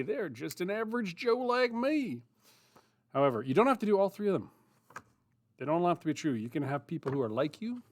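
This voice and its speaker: A man hosting a casual livestreamed writing workshop, talking in a jokey, rambling, self-deprecating way into a computer mic. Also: mid-range voice. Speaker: writing group host.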